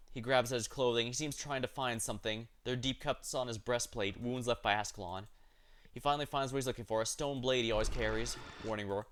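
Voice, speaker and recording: A man's voice: medium pitch, steady tone, brisk, a bit bright. A man streaming as he narrates a game story aloud, reading steadily with occasional slips and corrections.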